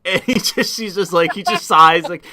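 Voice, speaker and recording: A man's voice: high voice, normal speed, noisy background. A man hosting a live stream, talking in a loose, rambling casual chat full of fillers and restarts. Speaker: stream host.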